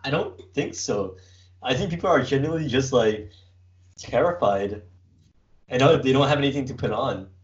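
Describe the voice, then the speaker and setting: A man's voice: mid-range voice, animated, moderate pace, pauses often. A man hosting a casual chat, rambling with lots of fillers and frequent laughs. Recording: dull lo-fi recording.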